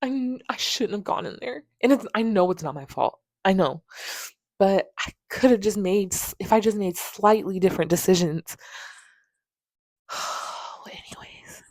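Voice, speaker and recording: A woman's voice: mid-range voice, expressive, normal speed, a little mellow, no room sound. A young woman hosting a podcast, frankly and emotionally retelling a hard personal story with plenty of swearing. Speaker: podcast host.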